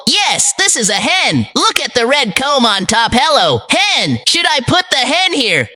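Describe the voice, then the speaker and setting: A woman's voice: high-pitched, big pitch swings, unhurried, sharp tone. A woman narrating a scripted preschool lesson, cheerful and speaking straight to young children. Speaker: children's presenter.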